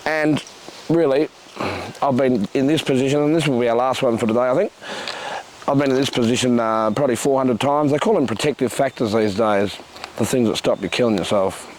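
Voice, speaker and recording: With a medium-pitched voice over slight hiss or hum, the same kind of middle-aged Western Australian poet recites his work slowly and deliberately. Between poems he offers crude, blunt spoken remarks.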